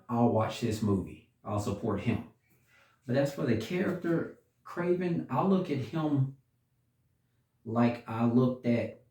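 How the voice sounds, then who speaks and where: Man, casual film review, slow and halting, low mellow voice, roomy echo, away from the mic. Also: distant mic. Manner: unhurried, pauses and restarts often. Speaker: movie reviewer.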